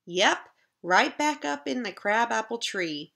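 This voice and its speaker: Expressive slow-reading woman, slightly gravelly. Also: fairly high pitch. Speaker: teacher. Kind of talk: reading a chapter book aloud to young children.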